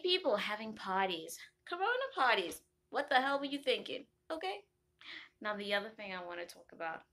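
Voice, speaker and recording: A young woman from Africa, chatting casually to camera and telling animated stories full of tangents and laughter. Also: fairly high pitch. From South Africa. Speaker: vlogger.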